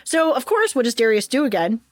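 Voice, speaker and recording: A woman's voice: on the high side, fairly quick, dry recording. A woman co-hosting a podcast, retelling history casually with lots of swearing and jokes. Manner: profane, animated, jokey retelling. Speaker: podcast co-host.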